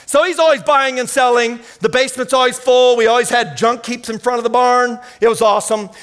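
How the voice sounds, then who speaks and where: A man, preaching an energetic sermon full of storytelling in a church. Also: very high-pitched, fairly quick, smooth, soft background music. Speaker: guest preacher. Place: church sanctuary.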